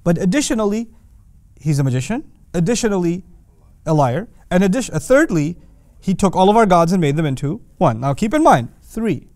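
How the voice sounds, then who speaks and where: A man teaching a scripture lesson with a somewhat high voice, recorded close and dry with no room sound. He talks emphatically, piling up rhetorical questions and breaking into quoted Arabic verses. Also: sing-song, a little fast, a little mellow, no room sound. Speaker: Quran teacher. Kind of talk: lecture.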